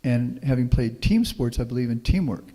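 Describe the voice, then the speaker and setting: A middle-aged Houston, Texas man speaks as a guest professor, giving a folksy, anecdotal public talk and taking audience questions. His medium-pitched voice is animated and warm, moving at a moderate pace, and the meeting hall adds a long reverb.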